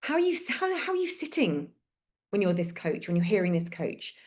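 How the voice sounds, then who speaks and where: Woman, webinar host, guided reflection, gentle, slow prompts, mid pitch, video call. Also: big pitch swings.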